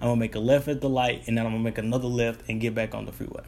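A man's voice: medium pitch, rapid-fire, creaky, slight background noise. A young man, casually telling a long rambling story about his delivery job. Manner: rambling, restarts, relaxed colloquial. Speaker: delivery driver.

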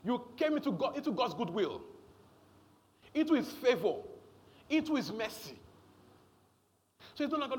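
High, lively preacher man. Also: moderate pace, long pauses, slight background noise. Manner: emphatic, repetitive preaching with call-outs to the congregation. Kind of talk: sermon.

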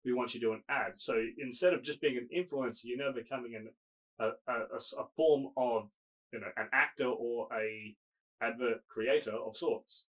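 A man chatting casually on a podcast, with a middle-pitched everyday voice. He rambles along, stacking fillers and restarting his sentences as he works toward his point. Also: moderate pace, low-quality recording. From Australia. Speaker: podcast co-host. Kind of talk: casual chat.

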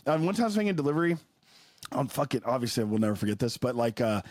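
A man's voice: mid-range voice, big pitch swings, racing, darkish tone. A young man co-hosting a podcast, telling stories in a casual, swearing way and acting out other people's voices. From Texas. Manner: swears a lot, acts out people in quoted voices. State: injured toe. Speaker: podcast co-host. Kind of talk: casual chat.

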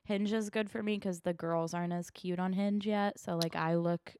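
A young woman co-hosts a relaxed podcast, trading dry, self-mocking jokes. Her voice sits a little low and comes across smooth and clear. It is recorded close and dry. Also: moderate pace, dry recording. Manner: dry, joking, self-deprecating. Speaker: podcast co-host. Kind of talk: casual chat.

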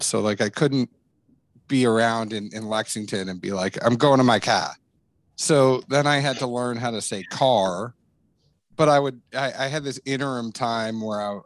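A man from Massachusetts with a mixed accent bearing a faint New England trace speaks at medium pitch on a dry recording. He's a bourbon content creator appearing as a podcast guest, telling stories in casual interview chat laced with self-deprecating humor.

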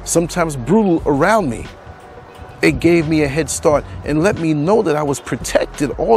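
A man's voice: on the high side, expressive, moderate pace, gravelly, darkish tone, soft background music. A man hosting his podcast outdoors on a street, talking in an earnest, emphatic way and repeating phrases for stress. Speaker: podcast host. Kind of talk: reflective monologue to camera. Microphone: clip-on mics.

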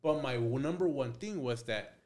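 A young man spinning a story on a podcast, lively and loose. He acts out every part of the dialogue himself, swears often, and slips into bits of Spanish along the way. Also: medium pitch, moderate pace. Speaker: podcast guest, tattoo artist. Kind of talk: casual storytelling.

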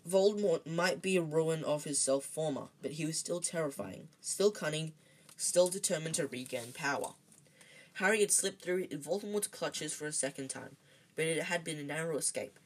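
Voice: mid-range voice, moderate pace, rough recording. A reader reading a novel aloud, slipping on words, restarting and filling with ums. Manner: reads with slips, restarts and ums. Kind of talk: amateur read-aloud of a novel.

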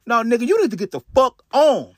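A man's voice: very high voice, big pitch swings, a little fast, darkish tone, a little hiss or hum, voice pushed up. A man quoting an angry young man who curses and confronts an older neighbor. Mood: hostile. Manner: profane, aggressive.

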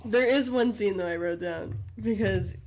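A woman co-hosting a casual podcast, recapping a film with frequent laughter. She acts out the characters' lines in quick bursts. Her pitch sits in the middle of the female range. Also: a little mellow. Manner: laughs often, acts out quotes. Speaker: podcast co-host. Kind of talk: casual movie recap chat.

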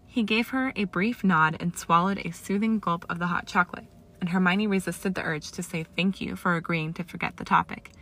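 Low, gravelly woman reading a story aloud. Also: a little fast. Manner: steady storytelling with small slips. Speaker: narrator. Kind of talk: reading fan fiction aloud.

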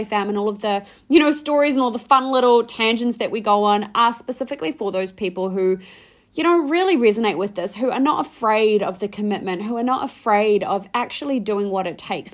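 A young woman hosting her own coaching podcast, talking fast and excitedly in slangy, casual language with some swearing. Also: on the high side. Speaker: podcast host and mindset coach. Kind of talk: energetic podcast monologue.

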